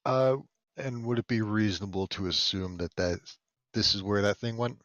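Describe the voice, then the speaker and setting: A man's voice: lowish voice, normal speed, a bit bright, no room sound, dull audio. A man playing a tabletop game, matter-of-fact with dry asides. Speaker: player.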